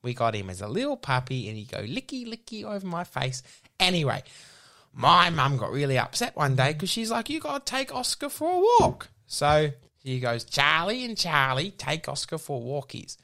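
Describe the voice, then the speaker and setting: A man playing a nervous young pitching a silly dog business, who rambles and keeps restarting. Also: sing-song, normal speed, bright, forceful tone, full character voice. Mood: rambling. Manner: rambling, restarts again and again, flustered. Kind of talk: improvised comedy sketch.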